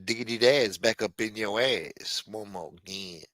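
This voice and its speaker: Bright-voiced profane New Jersey man. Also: lowish voice, moderate pace, no room sound. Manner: profane, rambling street talk. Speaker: livestream host. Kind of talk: casual livestream chat, reading the chat.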